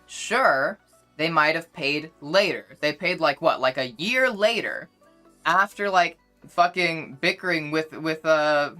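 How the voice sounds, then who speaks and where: A young woman streamer argues her point to chat in a casual livestream, repeating herself insistently. Her voice is bright and forceful. Faint music plays in the background. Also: low voice, expressive, takes it slowly.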